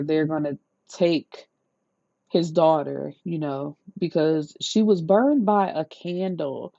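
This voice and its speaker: A woman reviewing a book in a casual rant, retelling the plot in an incredulous, profane, lively way. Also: low voice, no echo. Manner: incredulous, profane, animated storytelling. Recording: slightly dull lo-fi sound, dry.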